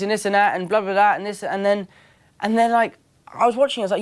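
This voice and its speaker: A young man from England with an English accent, an actor telling lively, laugh-filled anecdotes in a casual interview. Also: sits high, fast. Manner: animated, laughing storyteller with mock quotes.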